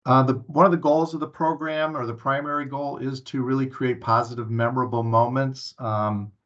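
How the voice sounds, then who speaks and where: Man, staff training presentation, earnest, frequent fillers, mid pitch, dull lo-fi recording. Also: a bit bright. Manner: earnest, many filler sounds and restarts. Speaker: staff presenter at a town hall. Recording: muffled lo-fi recording.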